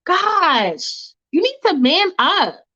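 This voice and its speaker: A woman's voice: very high voice, sing-song, extremely slow, pushed and bright, highs cut off, pitched above the performer's own voice, exaggerated voice. A woman voicing a bold, mouthy sixteen-year-old girl who talks back with sass. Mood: mocking. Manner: sassy, mocking, brash.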